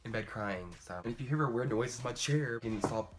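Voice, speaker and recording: A teenage boy talking through a casual makeup storytime, chatty and animated, jumping into high squeals when quoting people. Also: a little fast. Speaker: beauty vlogger. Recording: faint music behind.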